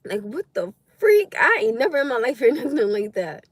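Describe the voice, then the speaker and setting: A woman's voice: high-pitched, very animated, normal speed, no echo. A young woman hosting a casual livestream and talking bluntly about relationships while she reacts to viewer comments. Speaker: livestream host. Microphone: phone or webcam livestream.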